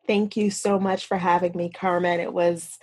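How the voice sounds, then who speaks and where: A woman whose first language is French, speaking as a podcast guest in an earnest, reflective way with animated emphasis. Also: on the low side, normal speed. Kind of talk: conversational interview.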